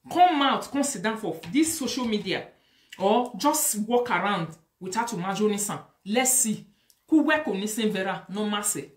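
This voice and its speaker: A woman's voice: mid-range voice, reverberant. A woman with a Nigerian Pidgin accent, lecturing and scolding in a social media commentary. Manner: preachy, lecturing, mixes Pidgin and Yoruba-like phrases. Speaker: online commentator.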